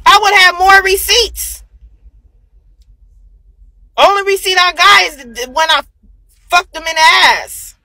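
High-pitched woman ranting angrily. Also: measured pace, pauses often, bright, forceful tone, no echo, poor audio. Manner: heated, profane, repetitive. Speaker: livestreamer. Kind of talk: angry livestream rant.

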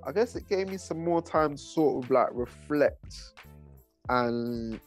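A man's voice: mid-range voice, lively intonation, slow pace, faint music behind. A man, a rapper and producer talking casually in an interview, laid-back and full of slang. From England. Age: 30s. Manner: laid-back, heavy slang, rambling asides.

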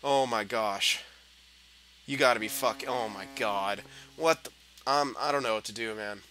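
Young male gameplay commentator, bright tense voice, swears and swings from mutters to shouts, faint hum behind. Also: fairly low pitch, unhurried. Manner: frustrated, swearing, muttering then yelling at the game. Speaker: gaming commentator.

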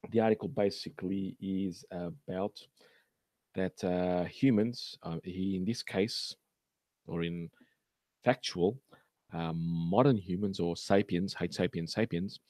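Low and slightly mellow, with no echo, this man's voice hosts a casual science commentary. He's full of fillers and restarts, and he gets sarcastic about news articles.

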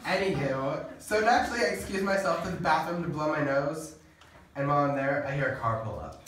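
A man playing a sassy, churchgoing teenage girl with a drawling valley-girl manner and deadpan asides. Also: a little high, a little fast. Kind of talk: comedy skit acting. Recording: echoey room, far from mic, faint noise.

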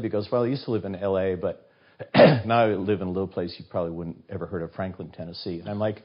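Husky older man telling animated stories. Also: on the low side, quick pace. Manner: animated storyteller who acts out quoted voices. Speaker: guest author. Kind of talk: casual interview storytelling. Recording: dull, muffled recording.

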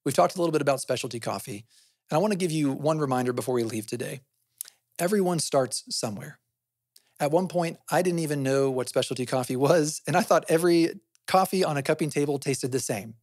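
A little fast, a little high, and slightly mellow, a man explains things on his podcast in a conversational way, often asking himself questions and answering them. He tends to add "right?", recorded in studio quality without room sound.

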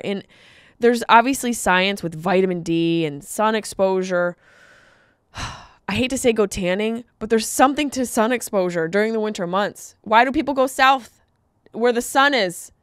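Animated comedic woman podcast host. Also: medium pitch, normal speed, clear, resonant tone, no room sound, clean studio sound. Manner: animated storytelling, jokey asides. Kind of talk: comedic monologue.

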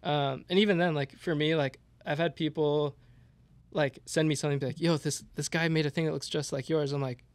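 A man's voice: a little high, fairly even intonation, a little fast, no echo. Laid-back young man, dry close sound. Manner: rambling, heavy use of "like". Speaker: guest artist and designer. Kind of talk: casual podcast chat.

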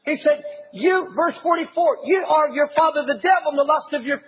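A man preaching an impassioned sermon as a pastor, often raising his voice to a shout. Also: very high-pitched, fairly quick, dull audio.

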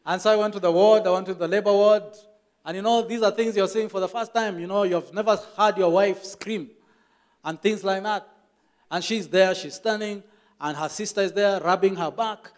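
A man's voice: sits high, fairly even intonation, moderate pace. A Kenyan man preaching a church sermon as the pastor, telling stories with emphatic repetition.

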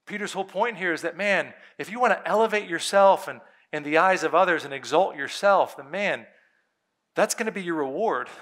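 A man's voice: high voice, a little fast, a bit bright. A male pastor preaching a sermon in an earnest, emphatic way, repeating key points for weight.

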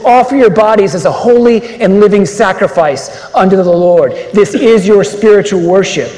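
A man's voice: high voice, a little mellow. A man speaking at a men's conference, giving an inspirational religious talk and preaching emphatically with rhetorical questions. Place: large conference hall. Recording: echoey hall reverb.

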